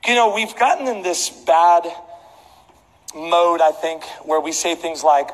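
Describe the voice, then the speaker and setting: A man preaching a sermon, telling a comedic story with animated delivery. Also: on the high side, normal speed. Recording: echoey hall with faint background noise.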